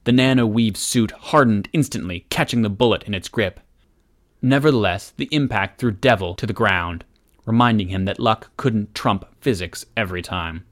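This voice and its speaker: A man narrating an action story aloud as an audiobook reader, in a steady, measured way. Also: lowish voice. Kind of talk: scripted narration.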